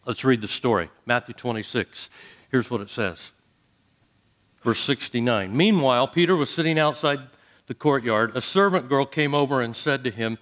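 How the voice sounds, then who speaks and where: A man preaching a sermon, dramatic, dropping to soft low phrases and then rising to loud emphatic ones. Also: animated, moderate pace. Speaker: pastor.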